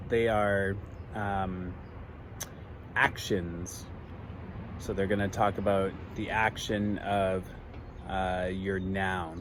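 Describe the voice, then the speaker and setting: Slow, patient male teacher with fillers. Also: on the low side, a little hiss or hum. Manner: slow, patient, with many ums and uhs; light self-deprecating humor. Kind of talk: recorded lesson for young children.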